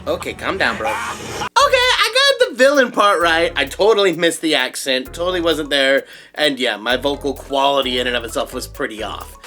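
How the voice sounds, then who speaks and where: A man's voice: medium pitch, brisk, few pauses, sharp tone, faint music behind. A young adult man, a voice actor, hosting a casual video in an enthusiastic, self-mocking way. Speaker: voice actor and YouTube host. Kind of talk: casual vlog narration.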